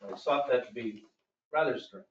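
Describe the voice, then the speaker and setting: A man's voice: mid-range voice, moderate pace, roomy sound, far from the mic, highs cut off. A man speaking at a public board meeting, telling his complaint with emphatic, aggrieved storytelling and quoting others. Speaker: property owner speaking at public comment.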